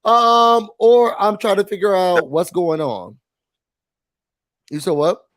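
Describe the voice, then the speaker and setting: A man chats through a reality-show recap. He sounds nasal from a cold and livens things up by acting out quotes, sometimes with big shouts. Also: sits high, expressive, takes it slowly. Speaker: podcast co-host. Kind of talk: casual recap chat.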